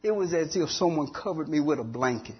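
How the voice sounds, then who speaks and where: A man with a husky, slightly high voice delivers a dramatic personal testimony. He tells it earnestly, pausing often and doubling up words. The recording sounds dull and lo-fi. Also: lively intonation. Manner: earnest storytelling with long pauses and repeated words. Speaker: testimony speaker.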